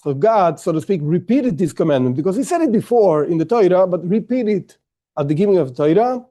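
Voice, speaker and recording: A man gives a class in a high, soft, mellow voice. He explains patiently, circling back and rephrasing as he builds his point. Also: animated, brisk. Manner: explains step by step with frequent restarts and rephrasings. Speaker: teacher. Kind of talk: online class lecture.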